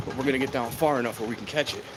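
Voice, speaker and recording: A man out of breath after rushing to a station, chatting casually and rambling as he live-streams trains outdoors in the rain. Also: mid-range voice. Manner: rambling, self-deprecating, thinking aloud. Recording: outdoor stream with clear background noise. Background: outdoor ambience, clear background noise.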